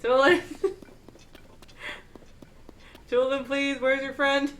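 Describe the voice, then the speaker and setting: A woman's voice: high voice, level tone, drawn-out words, a bit bright. Giggly woman chatting over a game. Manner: chatty, giggly, rambling asides. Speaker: streamer playing a game. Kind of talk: casual let's-play commentary.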